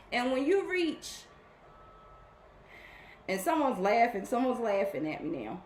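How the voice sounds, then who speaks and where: A woman hosting a spiritual program, talking casually and warmly to her followers, often repeating herself as she rambles. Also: on the high side, very animated, measured pace, echoey room, slight background noise.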